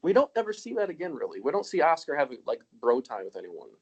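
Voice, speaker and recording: Laughing young man, lively voice. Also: a little high, quick pace, dull audio, slight background noise. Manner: laughs often, acts out quotes in raised voices. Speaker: podcast co-host. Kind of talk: casual chat.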